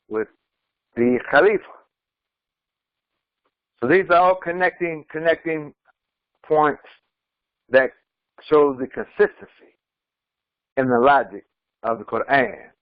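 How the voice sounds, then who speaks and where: A male imam gives an unhurried, deliberate scripture commentary, reciting a line and then translating it piece by piece. His voice is close and dry, with a slightly muffled, dull recording quality. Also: mid-range voice, dry recording. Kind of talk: Quran commentary lesson.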